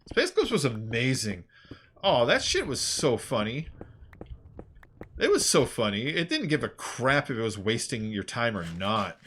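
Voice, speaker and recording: A man streaming a game, chatting casually in a rambling, animated way with lots of fillers and laughs. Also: medium pitch, slight background noise. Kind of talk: casual chat while playing a game.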